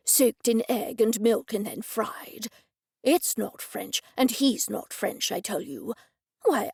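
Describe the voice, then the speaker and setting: A woman's voice: medium pitch, vocal fry, a little mellow, husky, no echo, clean studio sound. Woman doing a pompous stage-whispering old gent.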